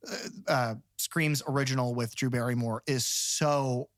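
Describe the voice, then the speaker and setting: Male podcast co-host, excited and rambling in casual film talk; middle pitch, dry room. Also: unhurried, dry recording. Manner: animated, rambling, enthusiastic.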